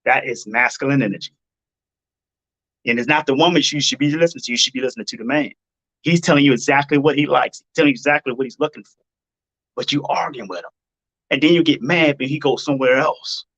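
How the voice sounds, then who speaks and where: A man's voice: medium pitch, fast talker, fairly bright tone, low-quality recording. A man hosting a live-stream advice talk, blunt and preachy, hammering his points by repeating them. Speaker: dating advice host.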